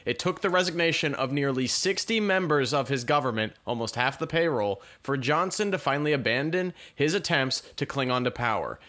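A man's voice: mid-range voice, expressive, fairly quick, hardly any pauses, fairly bright tone. A man hosting a casual news commentary show, reading articles aloud and adding sarcastic asides. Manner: reads headlines then riffs with sarcastic asides.

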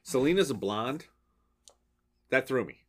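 A man co-hosting a podcast in casual chat, animated and profane, acting out voices as he talks. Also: mid-range voice, measured pace, a little hiss or hum. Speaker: podcast co-host.

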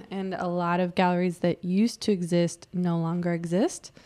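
A woman's voice: lowish voice, steady tone, moderate pace, dark tone. Reflective woman artist, chatty. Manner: reflective, rambling, many fillers. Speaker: artist guest. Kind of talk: casual interview chat.

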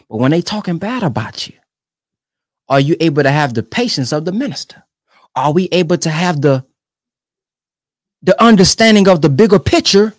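A man giving casual commentary on speech clips, animated and colloquial, repeating phrases for emphasis. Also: a little high, dry recording, clean studio sound.

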